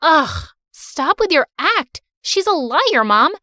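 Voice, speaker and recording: A woman voicing a spiteful, jealous young sister in an animated story, speaking with scorn. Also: high-pitched, slow pace, dry recording, full character voice. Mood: scornful.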